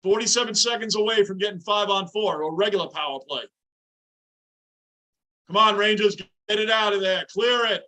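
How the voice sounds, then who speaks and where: A man hosting a livestream from his home basement, reacting to a hockey game and greeting viewers in chat, often yelling at the play. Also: high voice, normal speed. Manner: excitable, yells at the game. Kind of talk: live game reaction with chat shout-outs.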